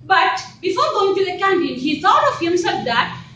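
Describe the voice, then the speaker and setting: Woman teacher walking a class through a story, often asking if they understood; high voice, heard from across a roomy space. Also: sing-song, normal speed, bright, forceful tone. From India. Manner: repetitive, checks understanding. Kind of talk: explaining a story lesson. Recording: roomy sound from a distant mic.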